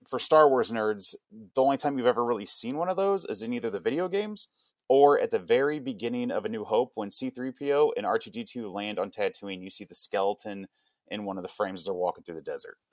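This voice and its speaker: A young man on a podcast, excitedly recapping an episode in a rambling, casual way full of "like". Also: medium pitch, no echo. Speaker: podcast co-host. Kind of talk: casual pop-culture chat.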